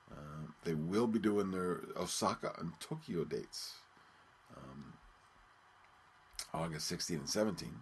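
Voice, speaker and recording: A man hosting his own podcast, talking casually and haltingly with many ums and restarts. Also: a bass voice, creaky, slight background noise. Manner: rambling, hesitant, many ums and repeated words. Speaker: podcast host. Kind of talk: casual solo radio-show talk.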